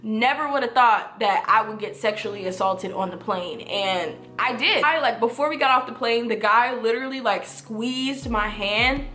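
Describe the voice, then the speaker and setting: Young woman vlogger, bright and a bit high, earnest and emphatic, in an echoey room. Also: normal speed, few pauses. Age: 20s. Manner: earnest, emphatic, repeats points for stress. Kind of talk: personal storytime to camera.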